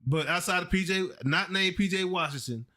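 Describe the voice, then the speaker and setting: Bright, high-voiced sports host. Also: male voice, a little fast. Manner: excited, emphatic, folksy. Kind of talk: casual sports talk.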